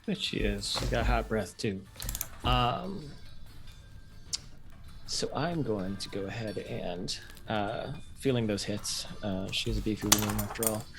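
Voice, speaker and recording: A player in an online tabletop game, speaking slowly with many fillers. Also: medium pitch, over music. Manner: relaxed, slow, many fillers.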